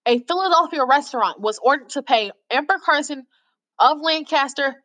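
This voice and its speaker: A woman's voice: sits high, expressive, moderate pace, bright, forceful tone, rough recording. A woman hosting a casual video, reading out stories and commenting on them in a mocking, exasperated way, sometimes stumbling over the text. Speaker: host reading out lawsuit stories.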